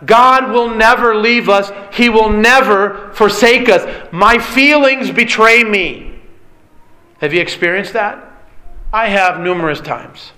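A man's voice: sits high, bright, forceful tone. A man preaching a sermon, earnest and emphatic, often calling his listeners beloved. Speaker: pastor.

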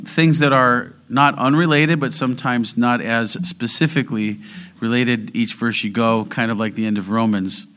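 Bright-voiced middle-aged male pastor. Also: mid-range voice. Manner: breaks into singing the verse; chatty and joking with the congregation. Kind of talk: sermon.

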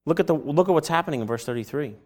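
A man preaching a sermon, asking rhetorical questions and answering them himself, and breaking into animated acted-out voices. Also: very fast. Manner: acts out quoted voices with big jumps in pitch and loudness.

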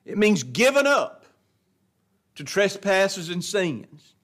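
A man's voice: high-pitched, fairly bright tone. A man teaching an adult Bible class verse by verse, in a folksy, emphatic preaching manner that repeats words for stress.

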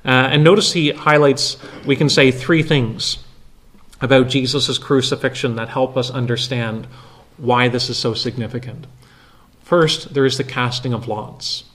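A pastor preaching an expository sermon, measured and emphatic, pausing often with filler sounds as he explains each detail. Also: medium pitch, steady tone, fairly bright tone.

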